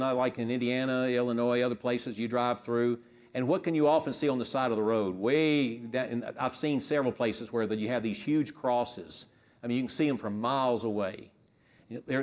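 A man preaching a sermon, emphatic and full of rhetorical questions, swinging between loud and quiet. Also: mid-range voice. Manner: emphatic, rising and falling in loudness, rhetorical questions.

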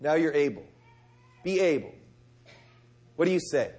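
A man preaching a sermon, talking to his listeners, asking them direct questions, and moving between loud emphasis and soft, gentle lines. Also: a little high, sing-song, a little slow. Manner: conversational, asks the audience direct questions.

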